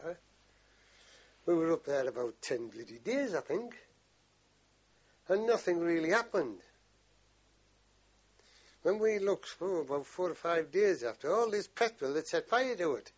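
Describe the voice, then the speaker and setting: A man's voice: fairly high pitch, sing-song, unhurried, pauses often, dull audio. An older man, telling war stories in a rambling, salty way in an oral history interview. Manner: rambling, salty storytelling with frequent swearing. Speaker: veteran interviewee.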